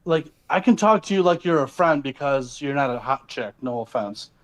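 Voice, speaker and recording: A man being coached, talking in a dry, flat way on a casual call. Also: mid-range voice, normal speed. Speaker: coaching client.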